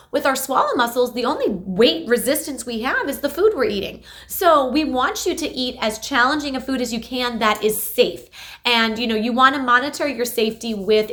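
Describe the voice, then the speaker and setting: A young adult woman, a speech therapist, giving an energetic, emphatic explanation in an instructional health video. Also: a little high.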